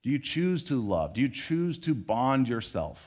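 A man's voice: medium pitch, big pitch swings, measured pace, a little mellow, highs cut off. A man preaching a sermon in a conversational way, acting out everyday voices as he goes. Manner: conversational preaching with acted-out quotes. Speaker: pastor.

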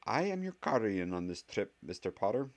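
A man's voice: fairly low pitch, wildly swooping pitch, normal speed, darkish tone, voice pushed up. A man voicing a strict elderly witch professor, speaking in a clipped, dry manner. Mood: stern.

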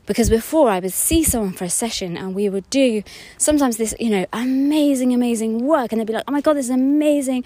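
A woman fertility therapist and coach talking in a casual podcast monologue. She is chatty and expressive and acts out her clients' voices, then softens to a near-whisper at tender points. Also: on the high side, fairly quick, few pauses, dry recording, rough recording.

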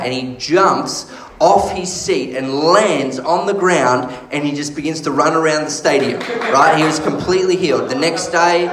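A man preaching a sermon, telling stories with animated energy and frequent laughter. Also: on the high side, moderate pace, reverberant, slight background noise, low-quality recording. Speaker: pastor.

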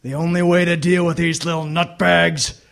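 An actor playing a brash, violent tough guy with a gravelly voice in an audio drama. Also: on the high side, little pitch movement, normal speed, fairly bright tone.

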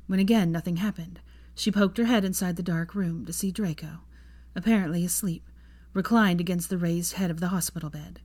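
A woman reading a fan fiction story aloud in a calm, even storytelling manner. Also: lowish voice, fairly quick, hardly any pauses. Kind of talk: storybook narration.

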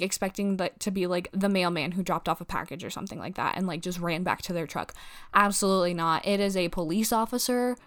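A young woman telling a casual, profane story, acting out quotes in a lively way. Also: mid-range voice. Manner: profane, animated retelling with acted quotes.

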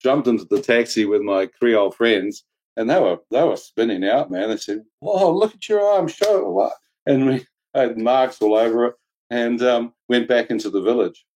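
A man telling a personal testimony in casual, excitable storytelling, laughing often and jumping into high voices when he quotes people. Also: normal speed, poor audio. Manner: colloquial slang, "mate", "flippin'".

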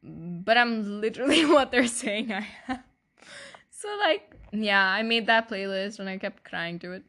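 Bright, forceful and fairly high, a young podcast host's voice is animated yet a little slow as she delivers a candid, emotional confessional. She laughs often, swears casually, and sometimes gets teary, her voice breaking.

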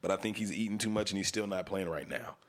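A man's voice: lowish voice, fast talker. A young man hosting a podcast, chatting casually with loose profane storytelling. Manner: profane, laid-back storytelling. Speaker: podcast host.

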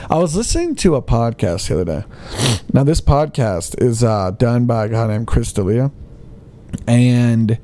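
A man's voice: medium pitch, warm tone. A man ranting to camera in a heated, emphatic, sarcastic monologue as a vlogger.

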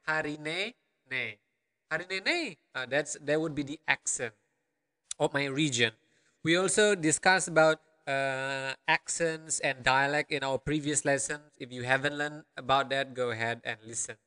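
Patient man teaching, bright tone. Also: medium pitch, fairly even intonation, moderate pace, clear, resonant tone, big-room sound. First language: Balinese. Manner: patient, repetitive, checks in with "okay?". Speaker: language teacher. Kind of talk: language lesson narration.

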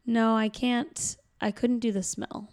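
Chatty woman from Boston, gravelly. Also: on the high side, little pitch movement, a little mellow. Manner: chatty, jokey, quick laughs. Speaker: podcast co-host. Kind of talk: casual chat about a film.

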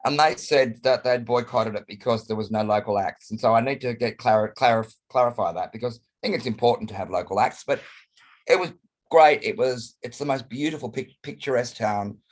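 An Australian man with a hoarse, croaky voice from a chest cold, chatting expressively as an interview guest over a video call. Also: medium pitch, a little fast. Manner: chatty and expressive, colourful phrasing. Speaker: guest performer. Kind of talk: casual interview chat.

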